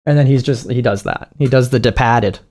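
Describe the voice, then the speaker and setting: A man's voice: mid-range voice, fairly quick, a little mellow. A man hosting a reaction video, talking in a casual, sarcastic and profane way.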